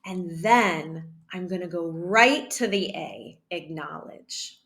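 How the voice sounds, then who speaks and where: A woman teaching a calm method for handling upset children, speaking gently and often checking in with "right?", sometimes dropping to a near whisper. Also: lowish voice. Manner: calm, repeats "right?", models slow breathing. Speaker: early childhood educator. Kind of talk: teaching a parenting and classroom method.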